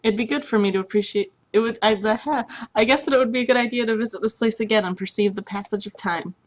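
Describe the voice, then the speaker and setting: A woman's voice: on the high side, quick pace, natural voice. A woman voicing a reserved young man, a former student, who speaks politely but hesitantly and evasively.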